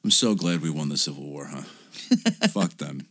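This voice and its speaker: A man's voice: a bass voice, measured pace. A man hosting a podcast, chatting animatedly about a movie and swearing freely. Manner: animated, swearing, jumps into silly voices. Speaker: podcast host. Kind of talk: casual chat reviewing a movie.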